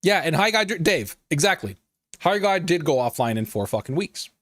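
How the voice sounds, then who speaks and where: Animated profane male gaming streamer. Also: fairly high pitch, normal speed, no echo, studio quality. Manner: profane, animated, riffs and laughs at chat. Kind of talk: casual live-stream commentary.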